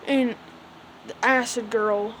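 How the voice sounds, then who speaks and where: Woman, fan recapping a story, loose casual delivery, rambling with filler words, voice sits a touch high. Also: fairly even intonation, slow, a bit bright, a little hiss or hum, poor audio. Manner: rambling, full of "like" and "so yeah". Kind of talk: casual retelling.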